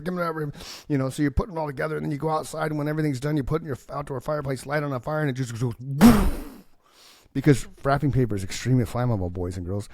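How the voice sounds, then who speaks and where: A man's voice: a little high, darkish tone, no room sound, studio quality. A man co-hosting a podcast, telling long rambling comic stories full of swearing and acted-out voices. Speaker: podcast co-host. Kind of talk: casual chat.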